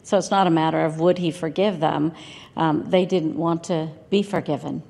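A woman's voice: low-pitched, fairly even intonation, normal speed, gravelly, dark tone, big-room sound. A woman reading listener questions to a pastor and answering with amens. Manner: reads questions, answers amen.

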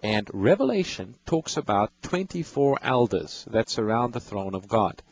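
Husky male radio Bible host. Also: fairly low pitch, animated, moderate pace, rough recording. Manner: patient, explanatory, reads verses aloud. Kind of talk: explaining scripture to callers.

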